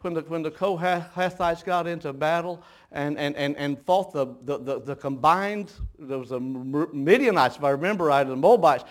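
A man's voice: on the high side, normal speed, hardly any pauses. A man preaching a folksy sermon, telling homespun stories, chuckling often and stumbling over repeated words.

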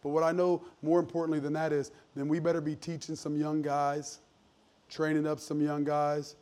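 A man's voice: fairly high pitch, completely flat delivery, normal speed, darkish tone. A man, preaching a sermon as pastor in an earnest, emphatic, conversational way with frequent restarts. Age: 40s.

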